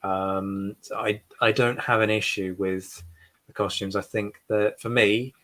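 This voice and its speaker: Man, podcast host, opinionated, dry sarcasm, low-pitched voice. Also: steady tone, unhurried, fairly bright tone. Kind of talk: livestream reaction discussion.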